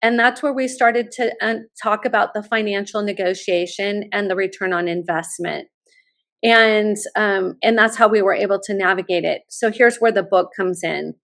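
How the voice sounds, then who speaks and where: A middle-aged woman, a college admissions consultant, telling stories with lively enthusiasm as a podcast guest. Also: medium pitch, normal speed. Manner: animated, enthusiastic storyteller. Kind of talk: podcast interview, personal storytelling.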